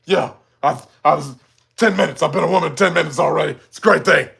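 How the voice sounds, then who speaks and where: A man voicing a huge, cheerful Australian trans woman in a loud, chirpy put-on voice that keeps saying "mate". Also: on the high side, fast talker, creaky.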